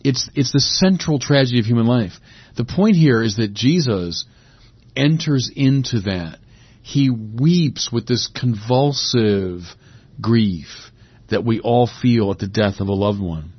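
A man's voice: mid-range voice, lively intonation, unhurried, breathy edge, no echo, lo-fi sound. A man giving a sermon, reflective and rising to emphatic peaks. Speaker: preacher.

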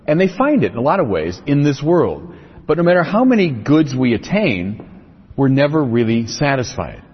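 Male speaker, lecture-style religious talk, lively intonation, dull lo-fi sound. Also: mid-range voice, husky. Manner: explanatory, builds points in lists and rhetorical questions. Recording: echoey, dull lo-fi recording.

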